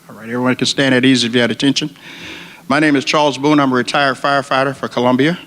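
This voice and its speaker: A man's voice: medium pitch, steady tone, fast, fairly bright tone. Earnest man praying in a hall. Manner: earnest, repetitive, preacher-like cadence. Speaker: retired firefighter leading prayer. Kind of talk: ceremony speech and spoken prayer. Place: ceremony hall. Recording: long reverb of a large hall.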